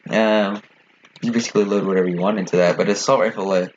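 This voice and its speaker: A young man chatting casually on an amateur podcast, talking quickly and piling up fillers and curse words as he goes. His voice sits on the low side, and the recording is dull and lo-fi with a faint hiss behind it. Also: steady tone. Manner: fast-talking, rambling with fillers and swearing. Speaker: podcast co-host. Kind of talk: casual chat. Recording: dull lo-fi sound with faint noise.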